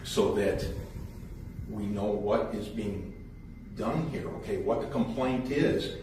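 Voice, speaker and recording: A desk officer speaking in a calm, measured, procedural way. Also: male voice, lowish voice, far from the mic. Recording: echoey room with background noise.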